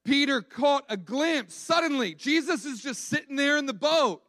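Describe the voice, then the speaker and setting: A man's voice: extremely high pitch, lively intonation, normal speed, bright, forceful tone, dry recording. A man preaching a sermon in a conversational, emphatic way, often restarting and repeating words.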